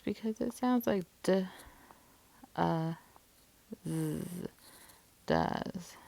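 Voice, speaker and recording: A woman teaching a spelling lesson, slowly sounding out syllables and letter patterns, with many soft whispered sounds. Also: fairly low pitch, creaky. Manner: slow, deliberate, sounding out words.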